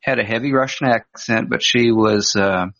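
A man telling a story in a halting way, full of pauses and fillers. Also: medium pitch, vocal fry, fairly bright tone. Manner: halting, many fillers, hesitant. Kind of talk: casual chat. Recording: dull lo-fi audio.

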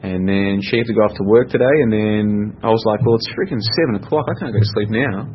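A man's voice: on the low side, quick pace. A man hosting a casual solo podcast, chatty and rambling, often correcting himself. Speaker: podcast host. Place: home room. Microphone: computer mic. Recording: dull lo-fi audio with faint noise.

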